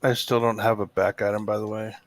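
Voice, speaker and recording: A man joking with deadpan one-liners while he chats during an online game. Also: lowish voice, brisk, a crowd in the background. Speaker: player in an online game group. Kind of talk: casual voice chat while gaming.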